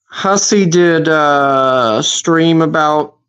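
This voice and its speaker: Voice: medium pitch, takes it slowly, fairly bright tone, smooth. A recap host giving casual commentary, agreeable and chiming in with hesitant fillers.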